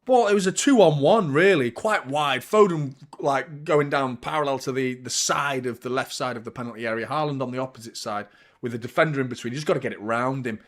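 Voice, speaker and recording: A young man hosts a live football watchalong, commenting on the match and swearing freely as he gets heated. His voice is medium-pitched and brisk.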